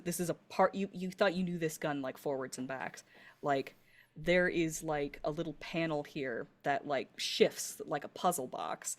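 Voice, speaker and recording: Woman, game master, low voice, slow, rambling, many fillers. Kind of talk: narrating a tabletop game.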